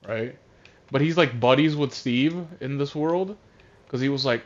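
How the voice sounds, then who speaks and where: A man casually recapping a movie while playing a game, rambling and halting, often distracted. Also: medium pitch. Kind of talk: casual chat. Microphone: console voice chat headset. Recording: dull lo-fi voice chat audio.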